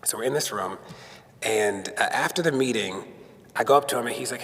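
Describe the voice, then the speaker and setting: A man's voice: mid-range voice, lively intonation, normal speed, creaky, fairly bright tone. A man giving a conversational speech to an audience as guest speaker, telling stories and acting out quotes. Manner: storytelling with acted-out quotes. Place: synagogue hall. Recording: long hall reverb.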